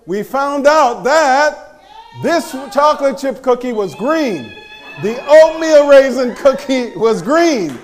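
A man giving a live talk to an audience, animated and joking, teasing the crowd as he goes. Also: very high-pitched, slow, faint music behind. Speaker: speaker presenting to an audience.

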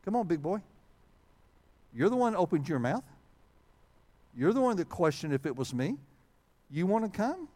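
A man's voice: high-pitched, very animated, normal speed, long pauses, darkish tone. A man voicing a patient, amused male teacher who playfully dares a follower. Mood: teasing. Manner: playful, challenging, good-humored.

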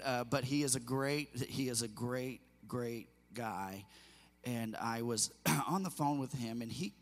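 A man's voice: medium pitch, a bit bright. A middle-aged male pastor preaching a sermon in an earnest, emotional way, often repeating himself and restarting phrases. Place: church sanctuary. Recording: long hall reverb.

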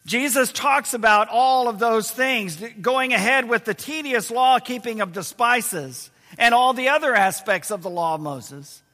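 A pastor delivers a sermon in a high, sharp male voice that rings out through a reverberant hall. He slows down to stress key words and sometimes lets his voice sink low and quiet. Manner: emphatic preaching, slowing to stress key words, voice dropping low and quiet at times.

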